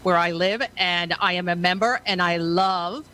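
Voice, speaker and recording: A woman's voice: lowish voice, fairly even intonation, normal speed, sharp tone, slight background noise. A woman hosting a casual talk show over a video call, brash and playful, swearing freely. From United States. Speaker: show host.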